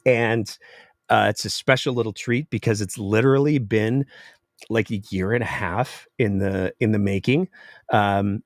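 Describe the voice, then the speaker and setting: A man hosting a live political commentary show, sarcastic and animated. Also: fairly low pitch, measured pace, no room sound, studio quality. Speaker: political podcast host.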